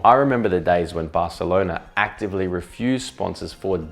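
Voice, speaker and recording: A man's voice: sits low, brisk, gravelly, hardly any pauses. A man narrating a comedic video essay in a sarcastic, jokey manner, swearing freely. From Australia.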